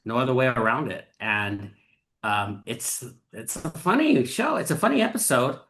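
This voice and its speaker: A man hosting a podcast, talking in a thoughtful, earnest way with many pauses and fillers. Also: mid-range voice, wildly swooping pitch, a bit bright. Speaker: podcast host. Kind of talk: casual chat.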